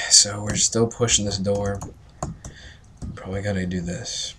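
A man's voice: lowish voice, steady tone, measured pace, a bit bright, slight background noise. A drunk man giving casual gameplay commentary, rambling and swearing with joking asides. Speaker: let's play gamer.

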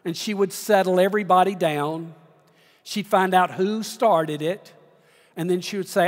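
A man preaching from the pulpit, his voice sitting high and his words measured out slowly. He tells stories with deliberate, dramatic pauses, and a long reverb trails after him through the sanctuary. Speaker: pastor. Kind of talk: sermon. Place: large church sanctuary.

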